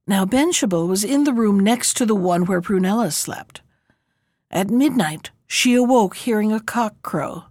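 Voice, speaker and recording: A woman's voice: medium pitch, lively intonation, a little mellow, no echo. Woman reading a fairy tale, dry sound. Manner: measured storytelling. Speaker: storyteller.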